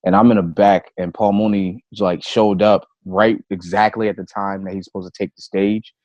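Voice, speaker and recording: A man's voice: lowish voice, little pitch movement, moderate pace, a little mellow, no echo, lo-fi sound. A comedian on a podcast, a man telling a loose, profane anecdote in casual chat. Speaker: comedian guest.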